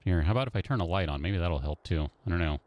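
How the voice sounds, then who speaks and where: A man's voice: deep voice, animated, quick pace, highs cut off. A man live-streaming a game, chatting casually with viewers in a playful, talkative way. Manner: playful, chatty, keeps greeting viewers by name.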